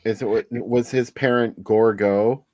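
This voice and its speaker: Low-voiced man with dry quips. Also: steady tone, measured pace, a little mellow, dry recording. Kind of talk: casual movie review chat.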